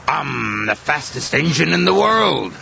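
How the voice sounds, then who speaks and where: Man doing a gravelly sneering diesel engine. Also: on the low side, sing-song, measured pace, background noise, exaggerated voice. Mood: boastful. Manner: rude and mocking. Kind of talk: storybook character voice.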